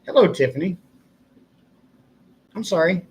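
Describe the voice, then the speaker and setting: A man's voice: high voice, animated, measured pace, breathy edge. An older man hosting a casual live stream, telling a long rambling story and chuckling often. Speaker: livestream host.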